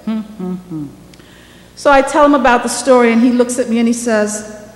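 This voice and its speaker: A woman giving a lecture about her reporting days. She tells it as a lively story and acts out the dialogue. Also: a little high, moderate pace. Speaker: guest lecturer, former newspaper reporter. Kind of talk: first-person storytelling lecture. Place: lecture hall. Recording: echoey hall with faint background noise.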